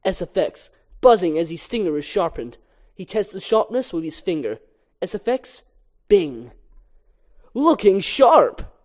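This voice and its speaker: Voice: mid-range voice, moderate pace. A reader reading a film script aloud, reciting stage directions and scene headings. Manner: flat stage-direction reading, lively swings.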